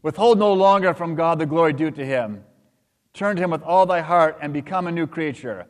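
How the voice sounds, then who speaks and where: A man's voice: a little high, brisk, voice pushed up, lightly acted. A man reading the lines of a stern angel of judgment who scolds in solemn, archaic speech. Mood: rebuking. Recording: long hall reverb.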